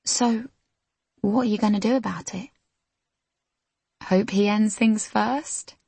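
A woman voicing a caring young woman best friend in an audiobook, gently asking questions. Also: medium pitch, steady tone, slow pace, gravelly, husky, no echo, exaggerated voice.

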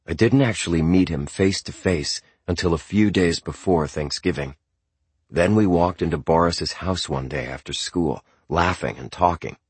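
A man narrating an audiobook in a measured, quiet, restrained way. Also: a bass voice, husky, dry recording. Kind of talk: scripted narration.

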